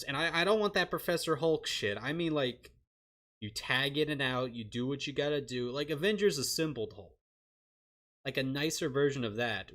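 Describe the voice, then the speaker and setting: A man chatting casually while he streams a game. He rambles, swears freely and laughs often. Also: mid-range voice. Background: loud game music.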